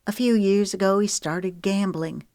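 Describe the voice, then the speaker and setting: A woman's voice: mid-range voice, steady tone, measured pace, a little mellow, no room sound, pitched above the performer's own voice, close to an everyday voice. A woman narrator voicing a guarded young woman country singer, earnest and rueful, in a dry close recording.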